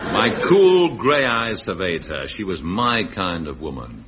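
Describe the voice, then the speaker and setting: A man's voice: low voice, sing-song, unhurried. A man narrating a 1960s radio comedy in a mock-heroic, punning manner. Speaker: comic narrator and lead. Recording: dull old radio recording with heavy hiss.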